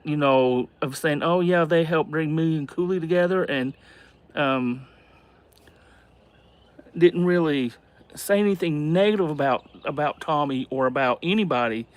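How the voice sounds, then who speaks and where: A man hosting a casual livestream, rambling and hesitant as he reads out and answers viewer comments. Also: fairly high pitch. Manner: rambling and hesitant, many fillers and restarts. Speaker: livestream host.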